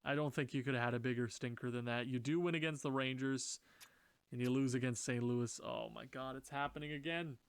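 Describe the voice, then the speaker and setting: Over a smooth, echo-free recording, a man speaks steadily and a little fast as he narrates his video game franchise season. This gaming YouTuber shuffles his lines and talks to his players in exasperation, breaking into shrill, frustrated bursts.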